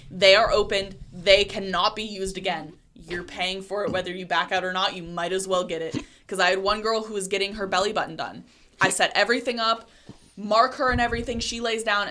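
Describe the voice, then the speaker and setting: A woman body piercer co-hosting a casual podcast chat, telling stories with lively acted-out dialogue. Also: mid-range voice, fairly quick, slight background noise. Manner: animated storyteller acting out dialogue.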